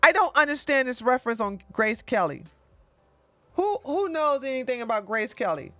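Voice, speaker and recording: A woman's voice: high-pitched, big pitch swings, moderate pace, a bit bright, dry recording. A woman hosting a casual livestream, chatty and exclamatory, thanking viewers by name. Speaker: livestream host.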